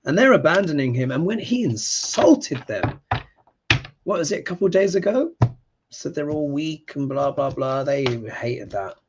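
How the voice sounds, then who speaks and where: Chatty astrologer hosting a live stream. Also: male voice, fairly high pitch, moderate pace, dull audio, noisy background. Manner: chatty, animated, reads viewer comments aloud. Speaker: astrologer and live show host. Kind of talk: live-stream chat reading.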